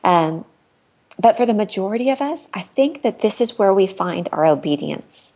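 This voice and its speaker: A woman's voice: mid-range voice, expressive, moderate pace, a little mellow. A middle-aged woman, a podcast guest, telling a personal story in a candid, earnest way and laughing now and then. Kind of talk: personal storytelling in casual chat.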